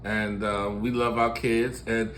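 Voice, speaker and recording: Bright-voiced man in his sixties, joking. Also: on the low side, flat delivery, slow pace, slight background noise. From Baltimore, USA. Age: 60s. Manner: laughing, storytelling, candid and joking. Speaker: musician and show host. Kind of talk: casual chat.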